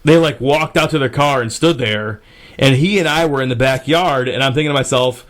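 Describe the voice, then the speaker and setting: Rambling through a story on his podcast, a man cusses freely and keeps stalling with "uh" and starting sentences over. He speaks at a medium pitch, a little fast, with a slightly bright voice.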